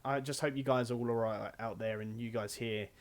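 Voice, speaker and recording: Male podcast host, young, chatty and rambling, average pitch. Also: fairly even intonation, fairly quick. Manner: upbeat, rambling with fillers. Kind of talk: casual podcast chat.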